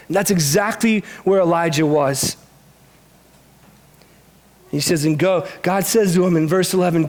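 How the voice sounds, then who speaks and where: A man's voice: fairly high pitch, unhurried, long pauses, darkish tone. A man preaching a sermon in a church, earnest and candid, speaking openly of his own struggles. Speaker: pastor. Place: church sanctuary.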